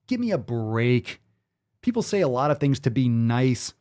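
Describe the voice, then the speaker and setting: A man's voice: mid-range voice, very animated, moderate pace, darkish tone. A man hosting a fitness show, ranting with sarcastic, profane disbelief in live-stream commentary. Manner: sarcastic, profane, incredulous rants.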